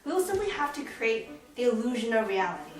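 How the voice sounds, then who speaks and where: A harried, impatient theater manager, played by a woman who hurries everyone along. The voice is high and lively, and it sounds far from the mic in a very echoey room with faint music. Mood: exasperated. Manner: brisk, exasperated.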